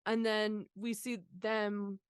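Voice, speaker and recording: A woman's voice: medium pitch, flat delivery, slow, clear, resonant tone, no echo, clean studio sound. A young woman co-hosting a movie podcast, chatting casually with a sarcastic, swear-heavy, laughing manner. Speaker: podcast co-host. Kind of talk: casual movie review chat.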